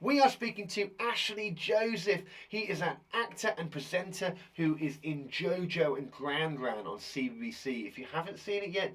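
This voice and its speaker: A man's voice: high-pitched, a bit bright, a little hiss or hum. A man who teaches and hosts a live children's quiz show, talking in an enthusiastic, jokey, chatty way.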